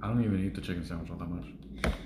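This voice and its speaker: A man's voice: low voice, fairly even intonation, fast talker. A man co-hosting a casual podcast chat, telling stories in an exasperated tone, often laughing. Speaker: podcast co-host. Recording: echoey room, faint noise.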